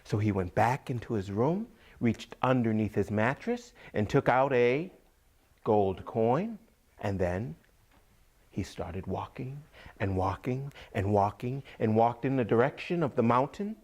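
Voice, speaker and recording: Brief: male storyteller, lively melodic telling, husky texture, unhurried with whispered asides. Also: mid-range voice. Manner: drawn-out, repetitive, dips into whispers. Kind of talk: oral folk-tale telling.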